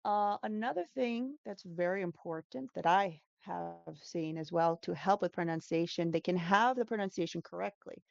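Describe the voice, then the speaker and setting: A woman's voice: lowish voice, normal speed, creaky, few pauses, darkish tone, no room sound, muffled recording. A woman who teaches English, talking through pronunciation tips in a casual interview, explaining patiently and demonstrating sounds with frequent fillers.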